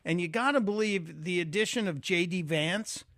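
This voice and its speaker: A man's voice: sits high, normal speed, a bit bright, no echo, studio quality. Folksy man hosting talk radio. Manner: conversational, folksy, with fillers. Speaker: radio talk show guest host. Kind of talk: talk radio monologue and call-in.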